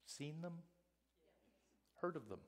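A male pastor preaching a sermon in a church, telling stories with animated delivery and acting out the people he quotes. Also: on the high side, slow. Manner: animated storytelling, acts out quotes. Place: church sanctuary. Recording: long hall reverb in a church.

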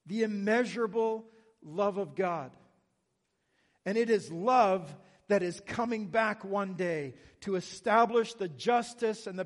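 High-voiced Canadian man preaching, slow. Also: big-room sound. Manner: earnest, conversational, with self-deprecating humor. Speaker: pastor. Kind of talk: sermon.

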